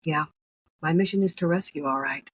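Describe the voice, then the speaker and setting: A woman's voice: low voice, moderate pace, breathy edge, dry recording, poor audio. A woman hosting a podcast, reading a letter aloud and commenting on it in an earnest, emotional way. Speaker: podcast host.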